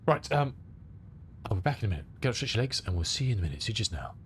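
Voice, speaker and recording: A man's voice: lowish voice, very animated, racing, a little hiss or hum. A middle-aged man from England with a cold, chatting casually with his live-stream viewers and rambling as he answers their comments. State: has a cold. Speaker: flight sim streamer.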